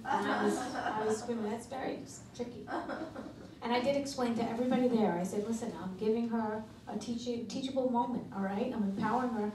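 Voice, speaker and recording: A middle-aged woman doing a stand-up comedy routine, delivering brash, deadpan one-liners in a comedy club. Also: on the high side, brisk, a crowd in the background. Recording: echoey club from far off with noise.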